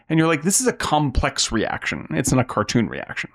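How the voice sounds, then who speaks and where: A man co-hosting a podcast in a casual film discussion, animated and acting out quotes in a raised voice. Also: mid-range voice, brisk, hardly any pauses. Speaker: podcast co-host.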